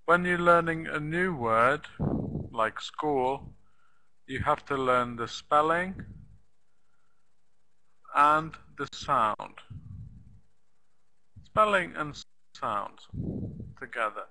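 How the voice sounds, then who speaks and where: A man giving an English lesson at a very unhurried pace, repeating words and sounding them out. His voice is a little higher than most men's and very bright and crisp. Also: lively intonation, low-quality recording. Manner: slow, patient, repeats and spells out words. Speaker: English teacher.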